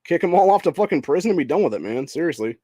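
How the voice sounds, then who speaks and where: A man's voice: a little high, big pitch swings, rapid-fire, dark tone, dry recording, studio quality. A young man from Ohio hosting a political show, ranting heatedly and profanely, calling listeners "dude" and "bro". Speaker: political podcast host. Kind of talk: angry political rant.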